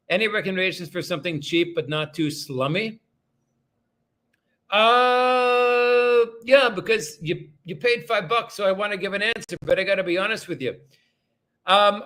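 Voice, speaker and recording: A man's voice: high voice, sharp tone. A man hosting a casual livestream, reading viewer comments aloud and rambling in a self-deprecating way as he thanks each viewer.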